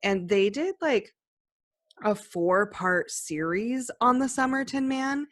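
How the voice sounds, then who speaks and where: A woman's voice: fairly high pitch, lively intonation, takes it slowly, no echo, clean studio sound. A young woman co-hosting a podcast, chatting casually in a rambling, enthusiastic way with many restarts. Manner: rambling, self-interrupting, enthusiastic. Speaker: podcast co-host. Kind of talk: casual chat.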